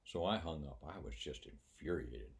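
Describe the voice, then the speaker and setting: Deep-voiced man telling a personal story. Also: lively intonation, vocal fry. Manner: measured, plainspoken, drops to a hushed tone when moved. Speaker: retired military officer telling a story.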